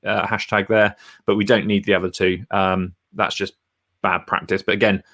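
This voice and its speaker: Chatty man, lowish voice. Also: flat delivery, normal speed, fairly bright tone. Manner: chatty and blunt, talks while clicking through screens. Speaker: YouTuber reviewing thumbnails. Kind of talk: casual screen-share tutorial.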